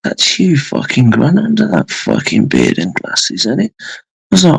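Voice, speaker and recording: A man's voice: a little high, wildly swooping pitch, unhurried, vocal fry, slightly rough, no echo, rough recording. A man hosting a late-night live stream from home, chatting to viewers in a rambling, sweary way. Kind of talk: casual chat with viewers.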